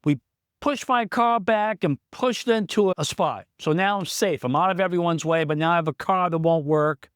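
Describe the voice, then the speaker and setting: A man's voice: high-pitched, moderate pace, smooth, dry recording, clean studio sound. A man who runs a small business, telling a candid personal story in a vlog, plain-spoken and reflective. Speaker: small business owner in recovery.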